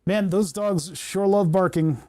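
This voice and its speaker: Mellow-voiced man soldering on a livestream. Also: high voice, unhurried. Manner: thinks aloud and talks to the parts he works on. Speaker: electronics livestreamer. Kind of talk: casual livestream commentary while soldering.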